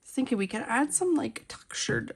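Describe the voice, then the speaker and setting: A woman's voice: on the high side, expressive, moderate pace, creaky, background noise. A woman vlogging casually from home as she colors, chatting and rambling with lots of fillers, recorded on a phone. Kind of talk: casual chat while coloring. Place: at home, family nearby.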